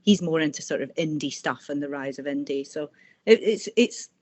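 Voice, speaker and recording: A woman author talking in a casual interview over a video call, telling personal stories warmly and restarting her sentences often. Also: sits low, normal speed. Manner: warm, chatty storytelling with frequent restarts. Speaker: author guest.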